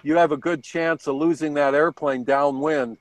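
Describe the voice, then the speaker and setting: A man's voice: fairly high pitch, fairly even intonation, normal speed, poor audio. Chatty man telling rambling stories. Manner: rambling, chuckling anecdotes. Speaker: guest on a hobby video hangout. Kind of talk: casual storytelling chat. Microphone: video call.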